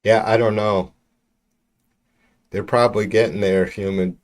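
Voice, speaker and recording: A man's voice: fairly low pitch, fairly even intonation, a little slow. A man hosting a livestream, ranting about politics in a profane, exasperated way with lots of restarts. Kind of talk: casual ranting livestream commentary. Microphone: computer mic while streaming.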